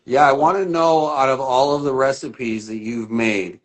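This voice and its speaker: A man's voice: mid-range voice, moderate pace. A man hosting a podcast, asking questions in an eager, casual interview style. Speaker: podcast host.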